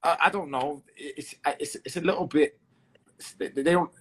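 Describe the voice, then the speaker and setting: Chatty husky Englishman with a London accent. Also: fairly high pitch, normal speed. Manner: chatty, swears, fills with "um" and restarts. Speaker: guest fighter. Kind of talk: casual interview chat.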